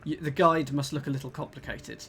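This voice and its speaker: Over background game music, a man hosts a casual let's-play, muttering his way through each puzzle move. His voice sits on the high side and moves fairly quickly.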